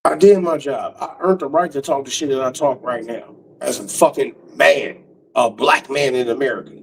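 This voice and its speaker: A middle-aged man doing stand-up comedy, telling stories in a brash, profane way with big swings in pitch. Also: moderate pace, gravelly, husky, recorded from a distance.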